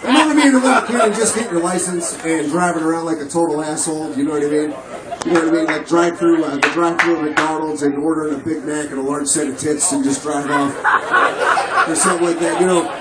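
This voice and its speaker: High-voiced crude male stand-up comic. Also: fairly even intonation, brisk, heavy background noise. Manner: crude, profane, rambling. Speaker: stand-up comedian. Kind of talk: stand-up comedy set. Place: comedy club stage. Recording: roomy, distant mic, loud crowd laughter.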